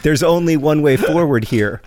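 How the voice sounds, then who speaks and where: A man, a father of a small child, co-hosting a casual comedy podcast with dry jokes and halting restarts. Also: a little high, a crowd in the background. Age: adult with a young child. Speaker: podcast co-host.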